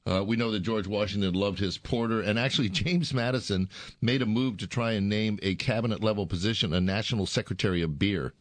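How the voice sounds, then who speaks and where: A man's voice: lowish voice, no room sound. A middle-aged man hosting a casual food-and-drink radio talk show, joking and bantering with his co-host. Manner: joking, bantering, a bit halting.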